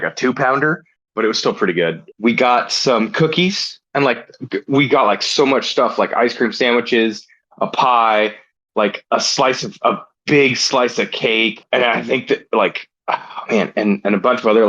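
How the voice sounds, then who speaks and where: A man co-hosting a podcast, chatting casually in a relaxed, rambling way. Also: mid-range voice, normal speed, dull audio. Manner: relaxed, rambling, laughs easily. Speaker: podcast co-host. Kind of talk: casual chat.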